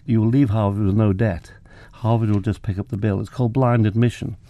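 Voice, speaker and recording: Recorded dry and lo-fi, an older English photographer and professor speaks briskly in a low-ish, steady voice. He spins self-deprecating anecdotes for a relaxed interview, voicing the quoted dialogue himself.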